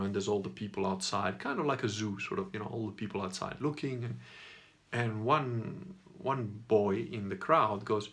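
A middle-aged man with a lowish, slightly bright voice rambles through a personal story in a casual monologue. He swears freely, laughs while talking, and acts out what people said.

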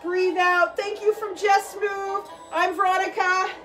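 A woman's voice: extremely high pitch, little pitch movement, measured pace. A woman fitness instructor leading a children's workout, encouraging and calling out each move. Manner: encouraging, calls out moves and cues. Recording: distant mic with background music.

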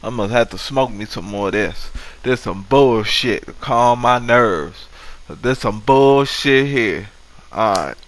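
A man's voice: medium pitch, takes it slowly, fairly bright tone, slight background noise. A man commentating his own video game run, swearing and trash-talking the enemies on screen. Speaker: gamer. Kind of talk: profane let's-play commentary.

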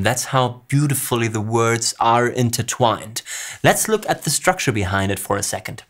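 A man's voice: on the high side, fairly bright tone. Man explaining song lyrics. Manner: measured, explanatory, reads lyrics aloud. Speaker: music analysis host.

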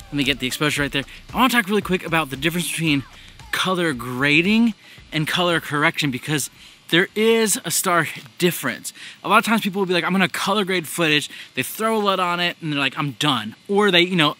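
A loud, energetic young man talks casually to his camera in a vlog. His voice is bright and forceful and sits a touch high for a man. Faint music plays underneath. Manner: loud, energetic, self-aware. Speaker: vlogger.

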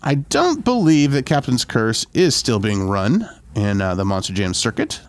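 A man's voice: medium pitch, huge pitch swings, moderate pace, slight background noise. A man hosting a gaming channel, giving upbeat, chatty let's-play commentary and now and then slipping into playful pirate talk. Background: game music.

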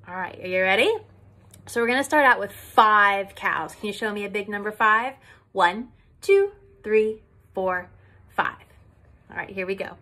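A young woman leading a sing-along music lesson for toddlers, animated and coaxing in an exaggerated way. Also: fairly high pitch, unhurried. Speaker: children's music teacher.

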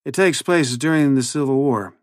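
A man's voice: medium pitch, normal speed, no room sound, close to an everyday voice. A man voicing a tipsy, pedantic male history teacher with a dry, lecturing manner.

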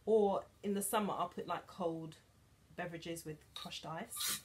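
A woman's voice: on the low side, fairly even intonation, measured pace, heavy background noise. Chatty woman in her thirties. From England. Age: 30s. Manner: chatty, giggly, emotional asides. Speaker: vlogger. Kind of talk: casual haul chat.

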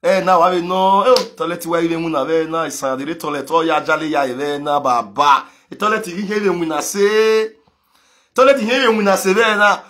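Nigerian pidgin guy ranting live, bright sharp voice, mocking and laughing. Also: a little high, fairly quick. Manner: mocking, laughing, shouting bursts. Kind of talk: animated rant in pidgin.

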